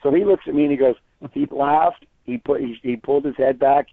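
A man's voice: mid-range voice, a little fast, creaky, dry recording. A man, an entertainment reporter, chatting as a guest and telling stories, often restarting his sentences. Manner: chatty storyteller with frequent restarts. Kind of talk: casual phone interview. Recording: tinny phone line.

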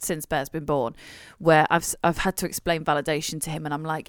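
A woman's voice: sits low, level tone, a little fast, clean tone, no room sound, studio quality. A woman, co-hosting a casual podcast and speaking bluntly, swearing freely as she gives her views. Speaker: podcast co-host. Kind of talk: casual chat.

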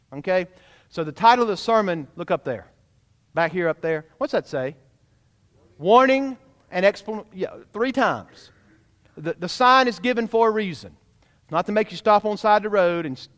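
A man's voice: high voice, a bit bright, long reverb tail. A man preaching a sermon as pastor, emphatic and direct, often asking the congregation questions. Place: church sanctuary.

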